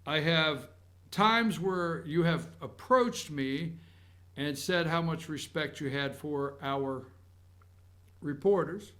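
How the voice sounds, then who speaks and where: A man hosting a talk show monologue, animated and blunt, swinging from loud outbursts to low muttering. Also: slow pace.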